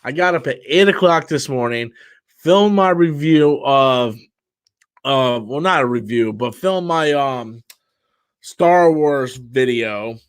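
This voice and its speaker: A man's voice: mid-range voice, slow, clear, resonant tone, no room sound. A tired man hosting a live stream, ranting bluntly and profanely in a loose, rambling casual way.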